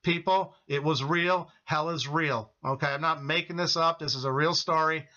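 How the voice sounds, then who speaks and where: A man's voice: on the high side, fairly even intonation, normal speed, sharp tone, highs cut off. A middle-aged man giving an earnest personal testimony to his viewers, emphatic and repetitive, calling them his friends. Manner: emphatic, repeats phrases, addresses viewers as friends.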